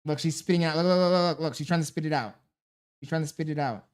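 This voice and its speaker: A man's voice: a little high, fast talker, smooth. A man livestreaming casually, coaxing a baby in baby talk, reading viewer messages aloud and bantering with loose, profane slang. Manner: reads viewer messages aloud between remarks.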